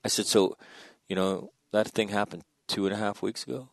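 A man's voice: steady tone, normal speed, dry recording. A man telling a war story in a podcast conversation, blunt and profane, dropping his voice when quoting. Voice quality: low gravelly voice. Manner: blunt, profane, drops to a hush for quoted dialogue. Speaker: guest, former military officer.

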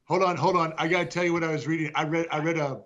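A man rambles in a casual chat, thinking aloud as he goes. His voice is a bit high and sounds muffled, as if over a lo-fi line. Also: steady tone, rapid-fire, a bit bright. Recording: dull lo-fi line.

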